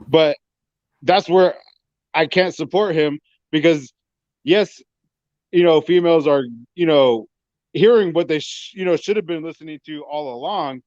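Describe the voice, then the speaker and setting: A man's voice: a little high, no room sound. A young man speaking as a guest over an online call, hesitant and leaning on "you know" as he makes his point. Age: young adult. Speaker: guest on a livestream. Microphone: online call connection. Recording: dull, dry lo-fi call audio.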